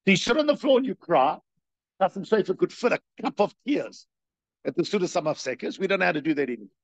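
Animated high-voiced male lecturer, gravelly. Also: quick pace, no room sound. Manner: animated, rhetorical questions, repeats himself. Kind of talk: spoken Torah lecture. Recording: dull, dry lo-fi recording.

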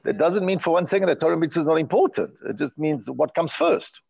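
A fast-talking Torah teacher with a fairly high, gravelly voice and lively intonation leads an informal Talmudic lecture in a study hall. He keeps restarting, tosses in jokes and uses Yiddish-tinged phrasing, and the recording's highs are cut off.

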